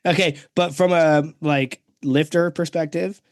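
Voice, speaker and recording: A man co-hosting a podcast chats casually, laughing often and cursing freely. His voice is on the high side with fairly even intonation and an unhurried pace, recorded in clean studio sound with no room tone.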